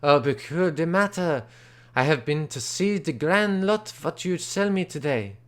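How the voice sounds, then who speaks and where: A man voicing an excitable little Frenchman with a put-on French accent and broken, indignant English. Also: a little high, unhurried.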